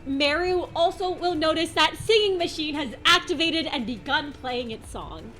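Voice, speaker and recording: High-pitched woman running a tabletop game, bright voice, teasing players, faint music in the back. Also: animated, moderate pace. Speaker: game master.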